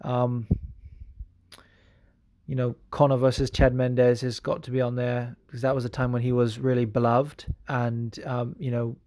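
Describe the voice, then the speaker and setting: A man's voice: mid-range voice, level tone, normal speed, a little mellow, no room sound, clean studio sound. A man hosting a podcast in casual chat, rambling with many fillers and swearing freely. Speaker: podcast host.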